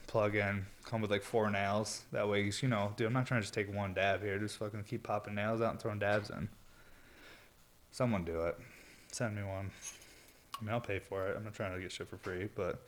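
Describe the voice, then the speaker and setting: A man's voice: on the low side, little pitch movement, brisk, fairly bright tone. A tired man rambling casually to his viewers, laid-back and swearing often, yawning as he talks. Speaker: vlogger. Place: indoor workshop or studio.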